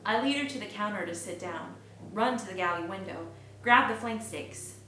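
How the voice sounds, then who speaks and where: A woman reads a novel aloud in lively first-person narration, her voice bright and forward. The room gives the voice a clear echo. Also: medium pitch, moderate pace, slight background noise. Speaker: book reader. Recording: echoey room.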